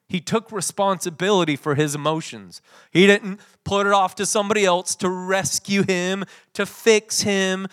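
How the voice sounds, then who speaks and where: A man preaching a sermon, swinging from loud emphatic passages to soft, quiet readings. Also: sits high, moderate pace. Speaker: pastor.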